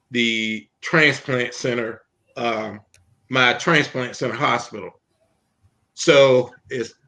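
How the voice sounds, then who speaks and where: A man who is a minister, telling his personal testimony in an interview in an earnest storytelling way with frequent pauses and ums. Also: medium pitch, sharp tone.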